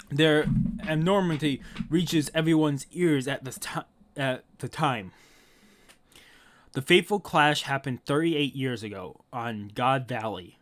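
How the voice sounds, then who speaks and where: A man reading a comic aloud and reacting with loud, swearing asides. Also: medium pitch. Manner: swears often, reads text aloud with excited asides. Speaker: manga reaction host.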